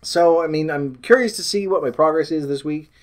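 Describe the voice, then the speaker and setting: A man's voice: a little high, a little fast. A man from Canada, chatting in a rambling, self-deprecating way on a weight loss vlog and often losing his train of thought.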